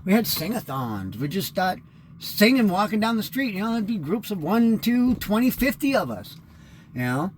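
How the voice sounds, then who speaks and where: A man's voice: high-pitched, sing-song, moderate pace, a little hiss or hum. A man in his fifties rambling through a candid, profane personal monologue as host of his own show. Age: 50s.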